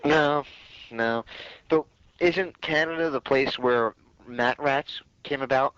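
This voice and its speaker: An opinionated male co-host rambles through stories in casual chat. His voice sits mid-pitch, and the sound is dry, dull, and lo-fi. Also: slow pace, fairly bright tone, clean tone, no echo. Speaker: podcast co-host. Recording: dull lo-fi podcast audio.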